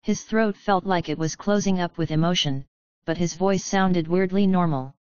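A woman narrating a chapter of a story in a steady, measured reading style. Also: lowish voice, clear, resonant tone, dry recording, lo-fi sound. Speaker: audiobook narrator. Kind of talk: scripted narration of a fan fiction chapter.

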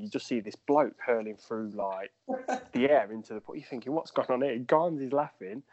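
A man's voice: mid-range voice, no room sound. Man telling stories, dull dry recording. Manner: rambling, laughs through anecdotes. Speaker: footballer guest. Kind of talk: casual storytelling.

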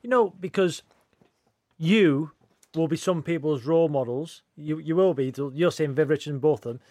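A man co-hosting a podcast, talking rapidly and repeating himself as he checks he is understood. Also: a little high, dark tone, dry recording. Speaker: podcast co-host. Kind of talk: casual chat.

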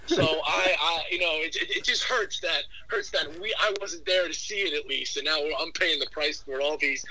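A man calling in as a guest to a sports podcast, giving opinionated, animated takes with frequent restarts. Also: on the high side, moderate pace, over a noisy crowd, poor audio. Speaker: caller, guest fan. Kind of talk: casual sports talk.

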